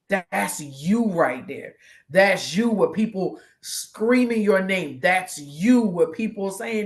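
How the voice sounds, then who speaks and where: A woman's voice: on the low side, animated, slow pace. A woman co-hosting a casual chat, telling an emotional story and acting out quoted voices. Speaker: guest co-host.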